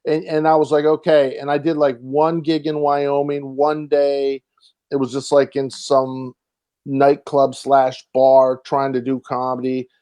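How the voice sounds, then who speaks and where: A man's voice: medium pitch, flat delivery, unhurried, dark tone, clear, resonant tone. A man talks through his acting stories in a loose, rambling way, stopping and restarting often and slipping into other people's voices when he quotes them. The sound is dry, with no room echo around him. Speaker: actor and comedian guest. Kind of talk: casual interview storytelling.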